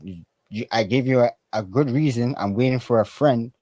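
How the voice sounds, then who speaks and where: A man tells his stories loose and profane, his voice mellow and dark. He acts out the other people in his tales, snapping between his own talk and theirs. The sound is close and dry, with no room around it. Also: mid-range voice, normal speed, no room sound, poor audio. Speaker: podcast guest. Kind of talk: casual storytelling.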